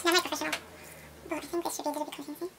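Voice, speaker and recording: High, quick, bright-voiced woman vlogging. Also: little pitch movement. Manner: rambling step-by-step commentary. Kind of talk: casual tutorial-style vlog. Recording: echoey room with faint noise.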